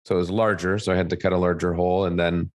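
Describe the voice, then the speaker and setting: A man with a very low voice co-hosts a casual podcast. He teases easily and talks through a home-repair job step by step. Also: flat delivery, racing, a little mellow. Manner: easygoing, teasing, detailed storyteller. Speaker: podcast co-host.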